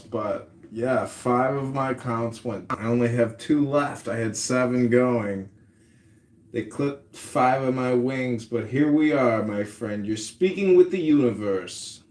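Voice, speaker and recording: A man's voice: medium pitch, takes it slowly, darkish tone, roomy sound. A man hosting a casual call-in show, brash and joking with callers. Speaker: podcast host and candidate.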